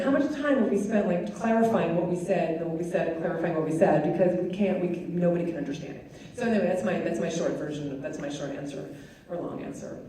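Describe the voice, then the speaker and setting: A woman's voice: on the low side, fairly quick, warm tone. A woman giving a chatty, conversational talk to an audience, with many fillers. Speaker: speaker. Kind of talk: live talk with audience questions. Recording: echoey hall, distant mic, faint noise.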